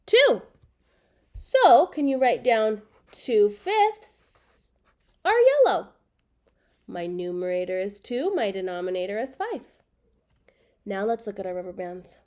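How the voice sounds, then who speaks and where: A woman's voice: medium pitch, big pitch swings, slow pace, pauses often, mellow. A woman teaching a children's math lesson, speaking patiently and repeating key words so students can write them down.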